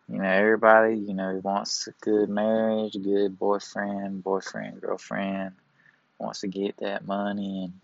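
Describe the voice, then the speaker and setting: A man's voice: on the low side, gravelly, dry recording, muffled recording. A man hosting a rambling, casual podcast from inside a big-box store, in a put-on Southern accent, laid-back and swearing freely. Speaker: podcast host.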